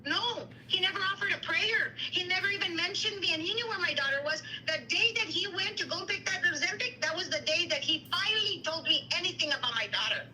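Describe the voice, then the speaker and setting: Indignant high-voiced woman. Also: animated, sharp tone, a little hiss or hum, poor audio. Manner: indignant, rapid retelling with quoted dialogue, mixes Spanish. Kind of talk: heated livestream chat.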